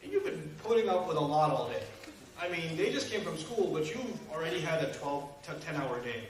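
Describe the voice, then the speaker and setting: A man giving a lecture to an audience, animated and joking, acting out everyday family scenes. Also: fairly high pitch, brisk, a little hiss or hum. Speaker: Islamic speaker. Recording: echoey hall, speaker far from mic.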